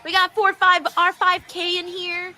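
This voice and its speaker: A high, bright-voiced woman hosts a casual livestream from a desk microphone at home. She chats quickly and easily, reads out viewer names and laughs often. Soft music sits faintly behind her. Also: monotone. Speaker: livestream host. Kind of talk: casual watchalong chat.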